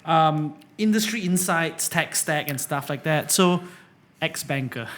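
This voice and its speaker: A man's voice: fairly high pitch, animated, measured pace, fairly bright tone. A man hosting a podcast, interviewing his guest in a casual way and building on what the guest says. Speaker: podcast host.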